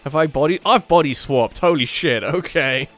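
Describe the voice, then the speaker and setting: A man's voice: fairly high pitch, moderate pace, faint music behind. A man giving casual let's play commentary while playing, thinking aloud and often restarting his sentences.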